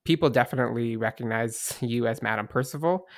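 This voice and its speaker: Creaky-voiced game master. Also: medium pitch, a little fast, no echo, studio quality. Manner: hesitant, many restarts. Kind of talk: narrating a tabletop game.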